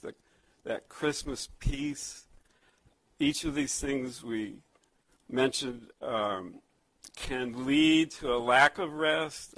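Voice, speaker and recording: A man preaching a sermon, telling a childhood story and reading scripture slowly, with frequent restarts and fillers. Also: medium pitch, fairly bright tone, dry recording, low-quality recording. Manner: conversational storytelling with many restarts; slow, emphatic scripture reading. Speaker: pastor.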